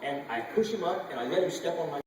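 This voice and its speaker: A man telling a wild story on a convention panel, animated and profane. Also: a little high, quick pace. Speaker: panel guest actor. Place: large convention hall. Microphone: audience camera far from stage. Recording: echoey hall recorded from far off with noise.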